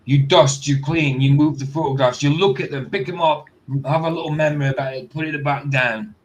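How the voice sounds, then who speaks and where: A man's voice: on the high side, a little fast, low-quality recording. A man hosting a casual reaction stream, bluntly skeptical and firing off rhetorical questions. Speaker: host.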